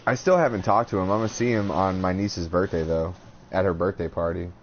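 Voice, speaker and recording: A man's voice: deep voice, fairly even intonation, a little fast, lo-fi sound, slight background noise. A man co-hosting a casual podcast, pushy and laughing, swearing through the banter. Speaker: podcast co-host. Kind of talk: casual chat.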